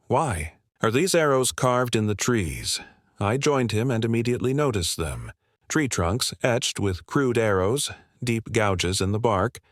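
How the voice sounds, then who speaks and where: A middle-aged man narrating a camping horror story in a slow, hushed, ominous way. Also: on the low side, no echo, clean studio sound.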